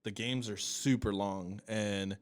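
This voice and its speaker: A man's voice: on the low side, steady tone, slow. A man hosting a casual podcast who rambles and hesitates, with lots of fillers and restarts, and swears casually. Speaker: podcast host. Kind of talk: casual chat.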